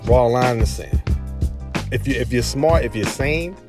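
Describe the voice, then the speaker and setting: A man's voice: medium pitch, moderate pace. A man hosting an opinion commentary, preachy and emphatic, with a sing-song cadence and repeated phrases. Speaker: commentary channel host. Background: music bed.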